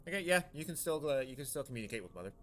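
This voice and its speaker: A man narrating a tabletop game as game master, halting with many fillers and restarts. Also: medium pitch, big pitch swings, fairly bright tone, slight background noise.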